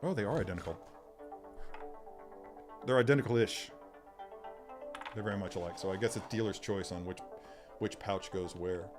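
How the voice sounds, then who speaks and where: Speaking in a fairly low voice at a moderate pace with long pauses, a man hosts a laid-back live stream where he unboxes items, muses aloud, jokes at his own expense and responds to viewers' comments. Sci-fi music plays faintly in the background.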